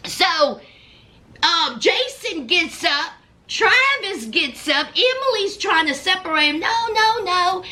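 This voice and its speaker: A woman's voice: very high voice, very animated, slow, sharp tone. A woman animatedly recapping reality show drama in a casual, storytelling way.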